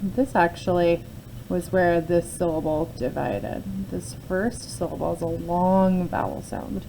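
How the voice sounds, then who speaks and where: Brief: woman teacher, lower mellow voice, patient step-by-step phonics lesson, faint noise behind. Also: steady tone, unhurried, poor audio. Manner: patient, explains step by step with frequent "okay?" check-ins. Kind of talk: phonics lesson, talking through a word sort.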